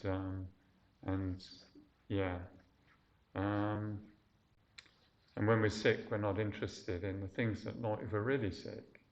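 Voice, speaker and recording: A man giving a casual Buddhist lecture, speaking haltingly with many fillers and restarts. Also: on the low side. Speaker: dharma teacher. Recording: dull lo-fi lecture recording.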